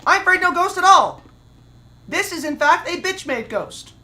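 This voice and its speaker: A woman's voice: extremely high pitch, expressive, normal speed, pushed and bright. A woman streamer giving brash, profane commentary while she plays a game. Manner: brash, profane trash talk. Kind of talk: gameplay commentary.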